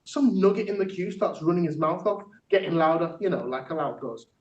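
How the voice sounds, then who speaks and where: A man's voice: on the high side, lively intonation, fairly quick. A man, a workshop facilitator performing spoken word poetry with punchy rhythm, then discussing it with a group. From Yorkshire, England. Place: theatre workshop room. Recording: echoey room from a distance, dull.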